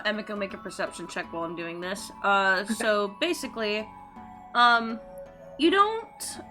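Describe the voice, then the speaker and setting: A woman's voice: mid-range voice, pushed and bright. A woman running a tabletop game as dungeon master over a voice call, chatty and full of filler words. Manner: casual, lots of filler words.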